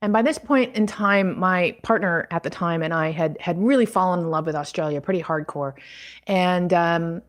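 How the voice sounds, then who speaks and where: Canadian woman, podcast guest, lively storyteller who acts out the quotes and trips over restarts. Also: fairly low pitch, normal speed. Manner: animated, acts out quoted dialogue, frequent restarts. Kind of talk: casual storytelling.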